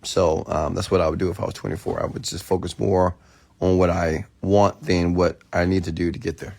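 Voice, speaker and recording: A man casually chatting on a late-night livestream, rambling and excitable while he reads and answers viewer comments, still getting over food poisoning. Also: sits low, fairly quick, creaky. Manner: rambling, excitable, lots of restarts.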